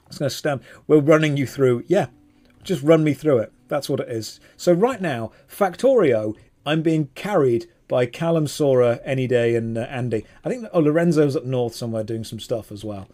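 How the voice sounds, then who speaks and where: A man streaming a game, chatting casually with viewers in an animated, self-mocking way. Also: mid-range voice, normal speed. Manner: animated, self-mocking, jumps between chat and gameplay. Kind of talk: casual live-stream chat while gaming.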